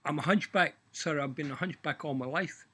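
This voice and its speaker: A man's voice: fairly high pitch, brisk, pushed and bright, slightly rough. A man voicing a timid hunchbacked Irishman in a joke, answering meekly and politely. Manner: meek deferential answers.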